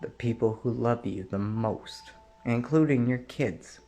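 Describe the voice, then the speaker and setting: A man delivering an angry, profane rant straight to the listener, often clearing his throat and rising to shouts. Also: mid-range voice, a little slow, faint music behind. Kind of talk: angry direct-to-camera rant.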